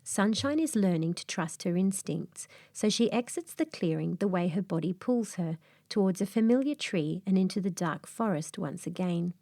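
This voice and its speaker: A woman narrating a calm bedtime fairy tale in a soft, slow, soothing way, sometimes dropping to a whisper. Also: lowish voice, dry recording, clean studio sound. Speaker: storyteller.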